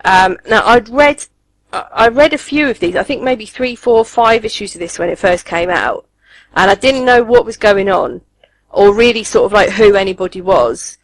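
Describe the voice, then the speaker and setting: A podcast co-host chats eagerly and casually while reviewing comics, with plenty of ums and restarts. The voice is mid-range at normal speed, and the recording quality is low.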